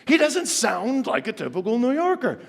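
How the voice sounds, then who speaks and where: High-voiced, gravelly stand-up comedian. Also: male voice, a little slow. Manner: animated, ironic, addresses the audience. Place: comedy theater stage. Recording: long reverb of a stage hall.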